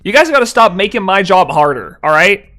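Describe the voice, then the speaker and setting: Young man, high voice, live-stream chat, mock-annoyed, reads chat aloud, faint background music. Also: sing-song, fairly quick, sharp tone.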